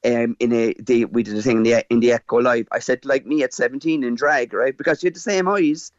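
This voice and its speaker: A man in his fifties with a Cork Irish accent, telling a personal story in a radio interview, halting with fillers and restarts. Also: medium pitch, steady tone, no room sound, dull audio. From Ireland. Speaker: guest.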